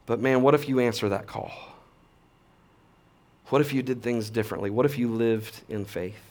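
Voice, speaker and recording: A man in his thirties preaching a sermon as a pastor, casual and animated, with slang and big swings between quiet and loud. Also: mid-range voice, normal speed.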